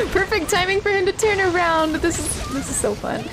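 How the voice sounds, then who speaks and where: Her voice is extremely high and sing-song, a little slow, over a noisy background with game music. The streamer, stuffy-nosed and giggly, chats casually with viewers while playing, answering chat between game moments.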